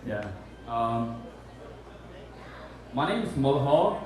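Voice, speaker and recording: A man's voice: medium pitch, slow, long pauses, a little mellow. A young British man doing a stand-up set, dry and self-deprecating, with frequent ums between jokes. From Britain. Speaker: stand-up comedian. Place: comedy bar stage. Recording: echoey room, distant mic, faint noise.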